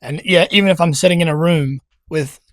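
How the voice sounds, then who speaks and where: A man co-hosting a casual podcast with a slightly raised pitch and a blunt, loose way of talking. He swears freely and keeps cutting in. The sound is dry and close. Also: a little fast, dry recording. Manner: blunt, loose and profane, jumps in over others. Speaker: podcast co-host. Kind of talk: casual chat.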